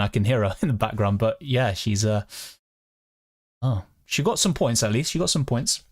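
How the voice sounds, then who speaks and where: A man, streaming from home as a fantasy football host, chatting casually, reading viewer comments and swearing freely. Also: mid-range voice. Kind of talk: casual live-stream chat.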